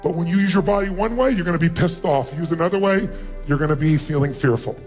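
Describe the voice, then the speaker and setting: A high-voiced man leads a live motivational seminar, firing energetic commands and questions at thousands of listeners. Faint music plays softly under his voice in the big hall. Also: quick pace. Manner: energetic, commanding, calls out to the crowd. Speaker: motivational speaker. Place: large event hall before thousands.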